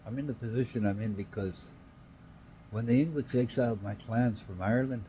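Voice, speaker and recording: A man's voice: medium pitch, a little fast, mellow, slight background noise, rough recording. A man in a rambling, profane solo rant who repeats himself for emphasis.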